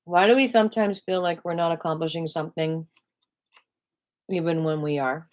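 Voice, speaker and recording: Playful upbeat woman leading a qigong class. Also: fairly low pitch. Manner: upbeat and playful, breaks into squeals of excitement; slow, soft guided cues. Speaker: qigong teacher. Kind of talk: live-streamed class, casual and guided.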